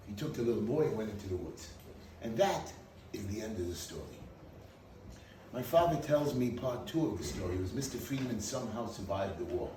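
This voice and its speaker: A man giving a speech at a party, telling a dramatic story with an animated delivery. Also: medium pitch, a little fast, slight background noise. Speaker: speaker at a party. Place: event hall. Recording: echoey hall, mic from far off.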